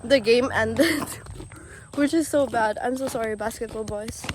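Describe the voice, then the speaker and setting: Giggly high-voiced young woman outdoors. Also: unhurried, noisy background. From Philippines. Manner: giggly, swears a lot, slangy. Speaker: vlogger. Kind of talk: casual chat. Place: outdoors on a big rural property.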